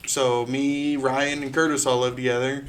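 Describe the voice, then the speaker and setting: Young male podcast co-host, middle pitch, plain clipped casual telling. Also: level tone, normal speed, a little hiss or hum. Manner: short plain sentences. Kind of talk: casual storytelling chat.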